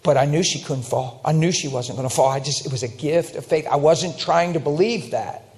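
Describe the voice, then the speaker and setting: Animated, emphatic male preacher, fairly high. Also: brisk. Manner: animated and emphatic, rising to near-shouting. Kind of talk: storytelling sermon.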